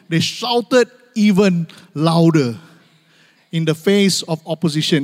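A man preaching a sermon to his church, calling for amens and repeating key phrases for emphasis. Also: high voice. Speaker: pastor. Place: church sanctuary. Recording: long hall reverb.

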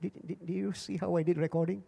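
Older male pastor, high voice, preaching with dramatic rises and drops, repeats phrases, reverberant church hall. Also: flat delivery, fast talker, vocal fry, mellow, husky. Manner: dramatic swings in pitch and volume, repeats phrases. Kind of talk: sermon. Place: church service.

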